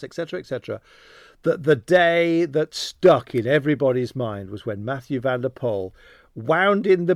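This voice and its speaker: A man's voice: on the high side, no echo, clean studio sound. A man who works as a cycling commentator, chatting casually in a rambling, anecdotal way with self-deprecating humour. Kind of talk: casual interview chat.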